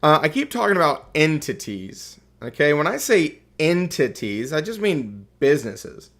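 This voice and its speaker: A man's voice: a little high, big pitch swings, moderate pace, fairly bright tone. A man with a Southern US accent lecturing a class as a real estate instructor, folksy and joking. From Southern United States. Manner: folksy and joking, keeps calling students "folks".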